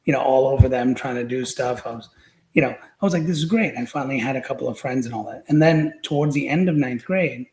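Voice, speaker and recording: A podcast guest recalls his school years, talking fast in a medium-pitched, darkish voice. His storytelling is casual and rambling, full of fillers and restarts. The audio is reverberant and poor.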